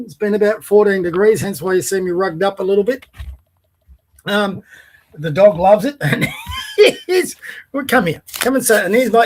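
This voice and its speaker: Australian male host, rambling and chatty, fairly high pitch, casual home podcast delivery. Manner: rambling, chatty, laughs often, talks to his dog. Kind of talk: casual solo vlog chat. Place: home by the bay.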